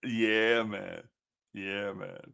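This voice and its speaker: Gravelly animated man telling stories. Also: fairly low pitch, extremely slow. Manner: animated, slangy, laughs a lot. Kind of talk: casual storytelling chat.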